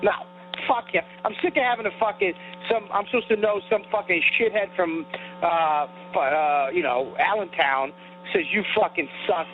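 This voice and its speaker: A man's voice: high voice, moderate pace, faint music behind. A man co-hosting a comedy podcast, ranting in a heated, profane way about being insulted and calling himself sensitive. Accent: New York. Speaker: podcast co-host. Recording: tinny phone-like audio.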